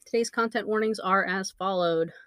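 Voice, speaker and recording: A woman's voice: medium pitch, normal speed, a bit bright, no echo. A young woman co-hosting a casual podcast, bantering and giggling often. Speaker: podcast co-host.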